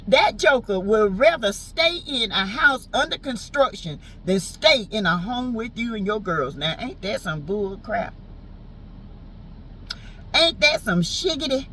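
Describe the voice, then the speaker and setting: A woman's voice: a little high, big pitch swings, unhurried, pushed and bright, a little hiss or hum, rough recording. A woman with a Southern US accent giving a sassy, teasing, slangy recap of a reality show in casual chat. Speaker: TV show reviewer.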